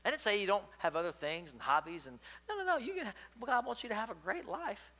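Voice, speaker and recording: A male preacher delivering a sermon, emphatic and repetitive as he tells a story and prays. His voice sits somewhat high for a man and rings bright and forceful. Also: animated, a little fast.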